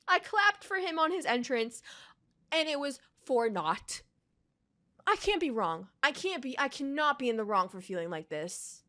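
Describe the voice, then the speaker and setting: A woman's voice: on the high side, fairly bright tone. A woman vlogger ranting emphatically in reaction-video commentary, swearing freely.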